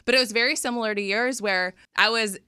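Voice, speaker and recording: A woman from Florida hosting a casual faith-focused conversation, quick and chatty with lots of "like" fillers. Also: a little high, sharp tone, clear, resonant tone, no room sound, clean studio sound. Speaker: podcast host, radio personality.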